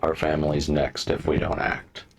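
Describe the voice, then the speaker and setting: A man's voice: extremely low pitch, completely flat delivery, moderate pace, slightly rough, heavily acted. A man voicing a grim, terse young character in a tabletop game. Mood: somber.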